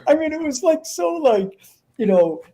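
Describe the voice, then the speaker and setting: A male actor being interviewed, telling lively backstage anecdotes in a casual way and acting out other people's lines as he goes. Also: very high voice, normal speed. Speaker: guest actor.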